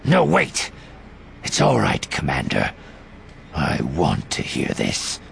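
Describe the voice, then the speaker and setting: A gruff male alien Jedi with a muzzle, as a man puts him on, speaking in a deep, heavily gravelly growl. He talks slowly and weighs every word, his voice rising and falling over a wide range. A faint hum of ambience sits behind him. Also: wildly swooping pitch, heavily acted. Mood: steady, grave. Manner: slow and measured.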